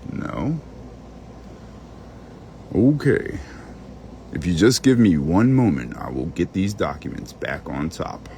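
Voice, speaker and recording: A man's voice: low voice, expressive, slow, long pauses, mellow, slight background noise. A man rambling while he searches through documents on screen, muttering to himself and cursing under his breath. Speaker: channel host. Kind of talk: rambling screen-share monologue.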